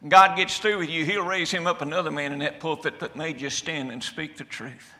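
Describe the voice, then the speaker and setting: Preacher man, high piercing voice, yells then goes real quiet, in a church. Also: fairly even intonation, fairly quick. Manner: preaching with sudden shouted climaxes and quiet drops. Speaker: pastor. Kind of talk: fiery sermon. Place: church sanctuary.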